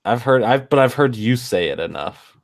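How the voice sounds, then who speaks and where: A man's voice: mid-range voice, lively intonation, normal speed. A man chatting casually on a stream, teasing his friend and swearing often. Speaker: guest friend.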